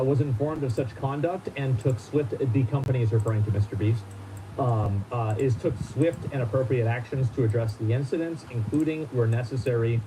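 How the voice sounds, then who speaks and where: A man reads a formal letter aloud on a stream. He keeps stopping for halting, disbelieving comments. There is clear noise under his voice. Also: mid-range voice. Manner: halting, incredulous asides. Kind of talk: reading a statement aloud with commentary.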